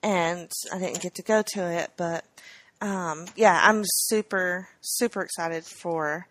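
A woman co-hosting a podcast in casual chat, relaxed and agreeable. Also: lowish voice, slow, poor audio. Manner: relaxed, agreeable, short backchannels. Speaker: podcast co-host.

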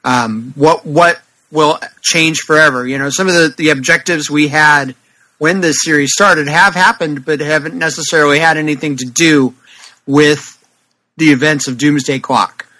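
A man's voice: a little high, steady tone, moderate pace, sharp tone, rough recording. A man co-hosting a casual comics podcast, talking in an easygoing, wry way. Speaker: podcast co-host. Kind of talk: casual chat about comics.

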